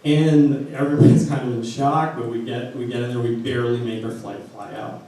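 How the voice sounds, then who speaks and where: A man from Arizona tells a personal story in a casual, animated way. He slips into the voices of the people he quotes. He sounds far from the mic in a very echoey room, with faint ambient hum. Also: mid-range voice, fairly quick.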